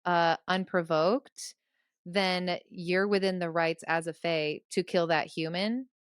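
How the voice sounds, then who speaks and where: A woman's voice: on the low side, fairly even intonation, slow, clear, resonant tone, dry recording, studio quality. A woman co-hosting a podcast, chatting casually about a book and joking and laughing often. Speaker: podcast co-host. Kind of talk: casual book-club chat.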